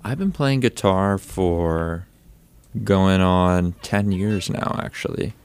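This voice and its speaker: Young male guest musician, very deep and gravelly, dry wit, casual interview. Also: slow, a little mellow. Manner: self-deprecating, wry. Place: college radio studio.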